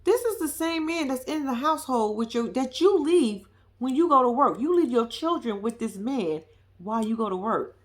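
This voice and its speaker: A woman's voice: high voice, lively intonation, normal speed. A young woman giving blunt, profane, sassy reaction commentary on a reality show, talking straight to her viewers.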